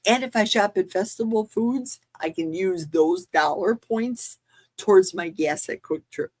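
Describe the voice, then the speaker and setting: A woman hosting a casual livestream, gasping and squealing with excitement as she reads gifts. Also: mid-range voice, a little slow, dry recording, studio quality. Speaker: livestream host.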